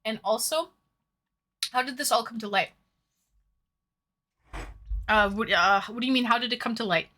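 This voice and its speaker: A woman's voice: a little high, normal speed, long pauses, sharp tone. A woman streamer chatting casually with viewers, reading their messages aloud and swearing freely. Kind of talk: casual chat.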